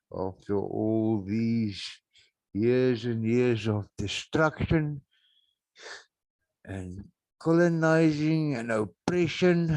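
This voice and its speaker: A South African man hosting a solo podcast, rambling and mocking, with sudden loud outbursts and laughs, on a backup microphone. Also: medium pitch, no room sound. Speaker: podcast host.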